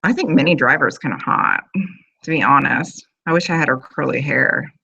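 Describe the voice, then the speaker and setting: Woman, thirties, casual rambling chat, bright tone, dull lo-fi home webcam sound. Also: extremely low pitch, moderate pace, creaky, husky. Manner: chatty, rambling, full of fillers. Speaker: host of a live video chat.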